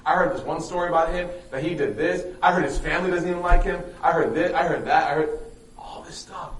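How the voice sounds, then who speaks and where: A bitter old woman rants her complaints, as a man voices her while telling a story. Her voice sits a little high. The sound is roomy and echoing, and it is picked up from some distance. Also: fairly even intonation, quick pace, a little hiss or hum, lightly acted. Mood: gossiping. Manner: ranting complaints. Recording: echoey room, distant mic.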